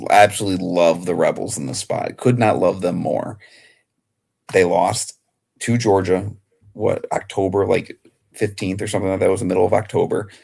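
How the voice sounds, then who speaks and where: A young man on a sports betting panel, joking around with quick, goofy asides. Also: sits low, creaky, darkish tone, breathy edge. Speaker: regular panelist. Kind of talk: casual sports betting chat.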